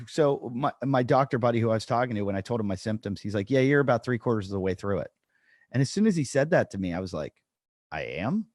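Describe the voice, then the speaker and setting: A man's voice: medium pitch, lively intonation, fast talker, a little mellow, no room sound. A man co-hosting a podcast, telling a funny story in casual chat and acting out the quotes. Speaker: podcast co-host, comedian.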